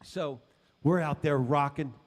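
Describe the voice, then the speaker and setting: A man's voice: fairly high pitch, a little slow. Male guitarist at a store clinic: casual storyteller, full of "um" and "you know.". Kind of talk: storytelling talk to a live audience.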